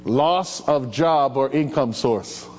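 Animated pastor preaching in a hall. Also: male voice, medium pitch, slow pace. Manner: animated, calls out to the congregation. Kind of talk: sermon. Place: church hall. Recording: echoey hall with faint hum.

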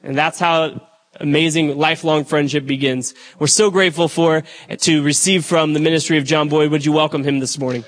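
A man's voice: a little high, fairly even intonation, fairly quick. A man, the church's pastor, chatting to the congregation as he introduces a guest speaker. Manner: conversational, addresses the crowd directly.

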